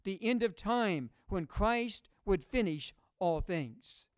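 High-voiced preacher guy, punchy call-and-response sermon, very dry sound. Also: expressive, slow pace, no room sound. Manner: booming rises on key words. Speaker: pastor.

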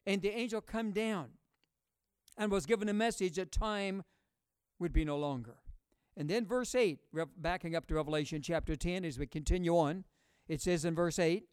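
A male pastor preaching a sermon, calling out questions to his congregation and booming on key words. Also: a little fast, a little mellow, clean tone, dry recording. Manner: emphatic, call-and-response preaching.

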